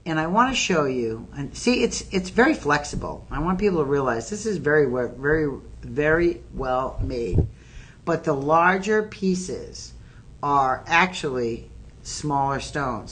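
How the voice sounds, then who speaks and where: A woman hosting a live shopping stream, talking straight to viewers in a chatty, excitable sales pitch while filming on her phone. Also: measured pace, slight background noise. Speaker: shopping channel host.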